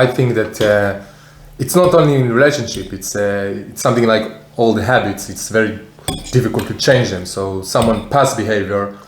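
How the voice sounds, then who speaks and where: A man co-hosting an eating vlog, giving firm opinions in casual chat while often pausing and restarting. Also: fairly low pitch, a little hiss or hum. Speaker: co-host, husband. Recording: roomy echo.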